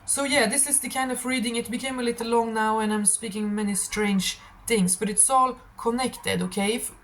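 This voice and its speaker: A woman with a hoarse, tired throat giving a rambling, emphatic tarot reading to camera, repeating affirmations. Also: fairly high pitch, fairly even intonation, normal speed, fairly bright tone, poor audio. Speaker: tarot reader.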